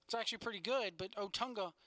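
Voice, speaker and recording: Guy on a podcast going off, cussing a lot, bright sharp voice, dry close sound. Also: high voice, fast talker, no echo. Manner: blunt, profane, opinionated rants. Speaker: podcast co-host. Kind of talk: casual wrestling chat.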